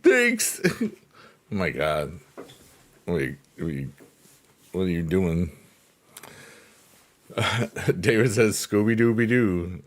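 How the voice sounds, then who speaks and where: A man's voice: low-pitched, animated, very slow, long pauses. A man hosting a casual livestream, joking, laughing often and answering chat by name. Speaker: livestream host. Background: faint piano music.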